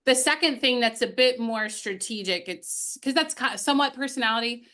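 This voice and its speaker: A woman's voice: on the high side, normal speed, bright, forceful tone. A woman sales coach answering interview questions, telling upbeat stories from her calls and laughing now and then. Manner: storytelling, upbeat, laughs while telling anecdotes.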